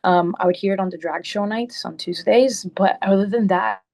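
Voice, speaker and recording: A woman's voice: mid-range voice, moderate pace, vocal fry, a little mellow. A young adult woman giving spontaneous, earnest testimony as a resident at a town meeting, rambling with many fillers. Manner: rambling, heavy with "like" and "um", earnest and worried. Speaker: resident speaking at public comment.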